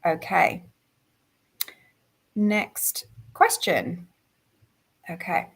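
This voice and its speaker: A woman's voice: fairly low pitch, huge pitch swings, very slow, vocal fry, husky. A woman hosting a live online quiz, reading out questions and viewer comments in an upbeat way. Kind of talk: casual live-stream chat.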